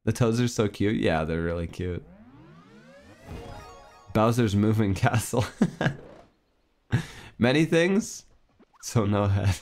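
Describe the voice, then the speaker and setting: A young male streamer chats casually through a video game, joking around and reading the on-screen dialogue aloud. His voice sits at a middle pitch but moves up and down a lot. Faint game music plays behind him. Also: animated, takes it slowly, pauses often, a little mellow. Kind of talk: casual gameplay commentary.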